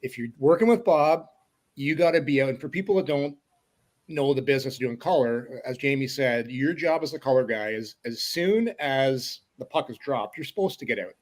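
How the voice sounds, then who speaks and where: Animated storytelling man co-host. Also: normal speed. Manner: animated storyteller, lively pitch swings. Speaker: co-host, former color commentator. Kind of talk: casual podcast chat.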